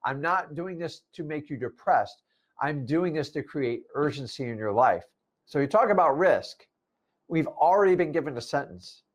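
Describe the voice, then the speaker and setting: A man's voice: a little high, animated, moderate pace. A man in his fifties, a real estate investing coach, giving a blunt, preachy motivational talk and mocking complainers in put-on voices. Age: 50s. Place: lives in Florida.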